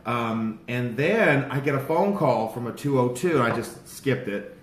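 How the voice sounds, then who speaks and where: A man excitedly recounting his day to a small group, rambling and growing heated as he goes. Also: mid-range voice, unhurried. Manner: excited, rambling, grows louder and more heated. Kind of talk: casual storytelling to a small group. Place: outdoors in a city, among supporters. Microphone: handheld phone held by a bystander. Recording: echoey with background noise.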